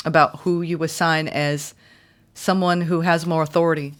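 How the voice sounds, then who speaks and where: Soft-spoken woman tarot reader. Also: on the low side, steady tone, brisk. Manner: soft, gentle, affirming. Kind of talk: spiritual tarot reading.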